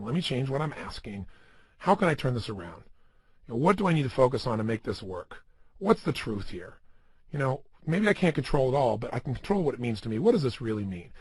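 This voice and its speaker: A man's voice: medium pitch, big pitch swings, brisk, darkish tone, slightly rough. A man giving a motivational seminar talk, speaking emphatically and asking the listener many rhetorical questions.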